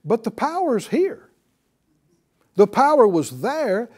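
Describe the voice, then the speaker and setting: A man's voice: very high-pitched, big pitch swings, takes it slowly, slightly rough. A man teaching a Bible class in a preaching style, repeating key words and calling on the class to answer. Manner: emphatic, repeats key words, calls for responses.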